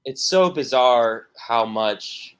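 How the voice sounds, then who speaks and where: A man's voice: medium pitch, animated, takes it slowly, fairly bright tone, clear, resonant tone. A man, a musician guest on a podcast, talking casually and rambling through stories with many restarts and fillers.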